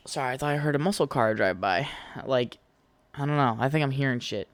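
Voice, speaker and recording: A man's voice: mid-range voice, a little fast, no echo. A young man hosting a casual solo podcast, rambling and swearing freely as he tells stories. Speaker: podcast host.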